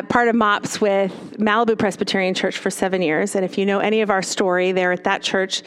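A woman, a former children's pastor, giving a storytelling talk to parents, often checking in with "right?". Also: on the high side. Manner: storytelling with tag questions.

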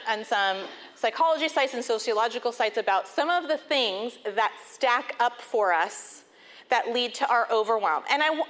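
A woman in her thirties telling funny personal stories in an animated way, laughing often and acting out voices. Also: high-pitched. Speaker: speaker talking about overwhelm. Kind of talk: personal storytelling talk.

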